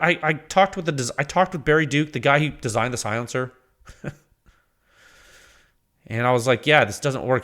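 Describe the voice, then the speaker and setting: Animated, laughing male podcast host. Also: mid-range voice. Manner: animated, laughing often, exasperated rants; rambling with frequent restarts and quoted asides. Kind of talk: casual podcast monologue.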